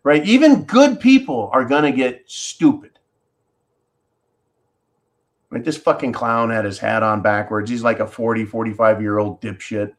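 A man's voice: medium pitch, lively intonation, moderate pace, few pauses. Blunt, profane man telling a story. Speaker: podcast host. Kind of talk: casual monologue and storytelling.

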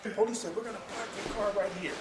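Animated man telling a story, echoey room. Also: high-pitched, rapid-fire, recorded from a distance, heavy background noise. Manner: animated, acts out quoted voices, laughs often, swears freely. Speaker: podcast guest, combat sports fighter. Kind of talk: casual storytelling.

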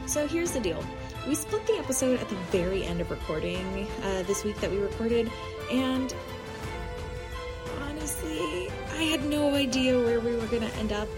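Bubbly high-voiced woman. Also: low-quality recording. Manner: bubbly, chatty, laughs easily. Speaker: editor and player. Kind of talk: casual podcast chat.

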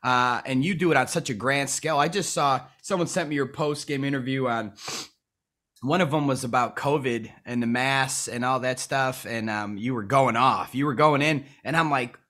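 Excitable swearing podcast host. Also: male voice, mid-range voice, moderate pace. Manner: excitable, swears freely, trails off and restarts. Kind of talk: casual podcast talk.

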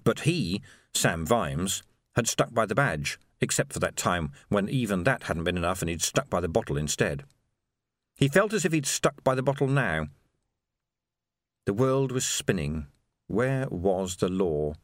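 A man narrating an audiobook in an expressive, animated storytelling manner. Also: fairly low pitch, normal speed, dry recording, clean studio sound. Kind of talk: scripted narration.

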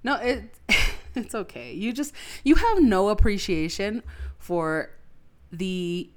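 A woman's voice: medium pitch, lively intonation, slow pace. A young woman, co-hosting a podcast in casual chat, laughing often and teasing. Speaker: podcast co-host.

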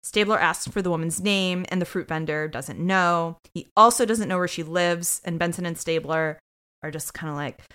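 A woman's voice: lowish voice, moderate pace, clean tone. A woman co-hosting a podcast, recapping a TV episode in casual chat and acting out the characters' lines. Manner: animated, acts out characters' lines. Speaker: podcast co-host.

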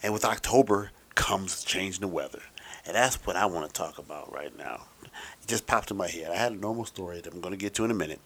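A man's voice: sits low, quick pace, fairly bright tone. A middle-aged man talking in a casual, rambling, wry monologue with some profanity.

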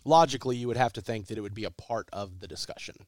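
A man's voice: lowish voice, quick pace, no room sound, studio quality. Congested man hosting a podcast. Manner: rambling, repeats his words as he restarts. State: sick, congested voice. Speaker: podcast host. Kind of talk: casual sports podcast chat.

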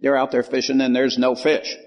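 A man's voice: medium pitch, completely flat delivery, fairly quick, big-room sound, highs cut off. A man giving folksy Bible teaching and acting out the lines of the people in the story.

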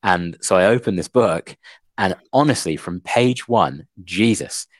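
Deep-voiced young man, chatty. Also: a little slow, no echo, studio quality. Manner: animated retelling, fillers like "like". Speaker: podcast co-host. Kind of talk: casual book discussion.

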